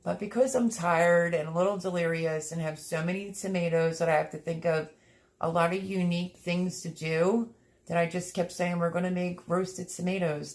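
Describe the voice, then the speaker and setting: A woman hosting a livestream, chatting casually and reading out viewer comments, effusive and a little teary. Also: on the low side. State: sniffling, teary. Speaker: livestream host.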